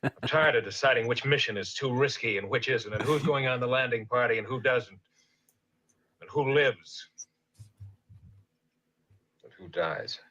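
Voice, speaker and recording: A man's voice: medium pitch, unhurried, pauses often, pushed and bright, highs cut off. An actor playing a weary male starship captain in a 1960s TV drama, clipped and tired, burdened by command. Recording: old TV clip with faint noise.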